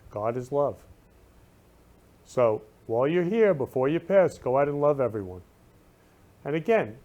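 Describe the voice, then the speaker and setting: A male host talks from his room in a fairly high voice that swings widely up and down. He is effusive and leans hard on his words, repeating the same warm phrases again and again. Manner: effusive, repeats loving phrases with emphatic stress. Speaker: show host. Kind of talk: casual talk show monologue.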